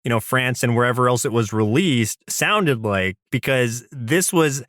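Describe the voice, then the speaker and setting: A man's voice: mid-range voice, unhurried, fairly bright tone, no room sound, clean studio sound. A man co-hosting a cartoon podcast in casual chat, easygoing, often restarting words and quoting characters. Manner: easygoing, repeats himself, quotes characters. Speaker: podcast co-host.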